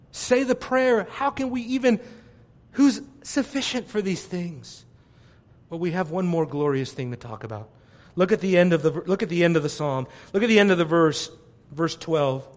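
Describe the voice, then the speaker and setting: Male pastor, high-pitched, fervent sermon delivery with sharp swings in loudness. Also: normal speed, pauses often. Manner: impassioned preaching, swinging from loud declarations to hushed near-whispers.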